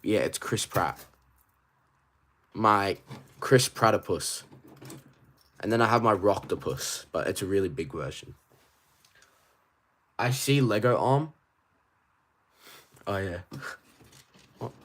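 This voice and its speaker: A man with an Australian accent chatting casually on a livestream, reading viewers' questions aloud and answering in a rambling, animated way. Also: low voice. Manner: rambling and animated, quick asides. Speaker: toy collector streamer.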